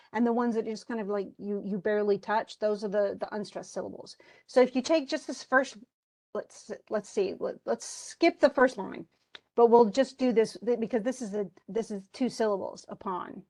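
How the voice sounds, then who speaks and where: A college English instructor with a medium-pitched, darkish voice lectures an online class through a computer mic at normal speed. She speaks conversationally, restarting often and checking in with her students.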